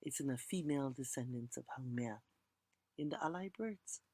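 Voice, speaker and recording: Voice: mid-range voice, lively intonation, moderate pace, mellow, husky, no echo. A teacher telling a legend as a lecture, reciting chant lines and then explaining them plainly, and inviting the audience to repeat words. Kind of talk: storytelling lecture.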